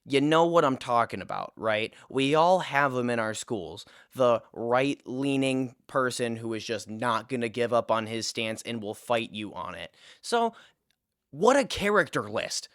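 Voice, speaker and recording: A young man recounts a storytime tale with animated energy and frequent swearing. His voice sits at an ordinary middle pitch. The sound is dry and close, with almost no room echo. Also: a little slow, few pauses, clear, resonant tone. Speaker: storytime vlogger. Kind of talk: casual storytime vlog.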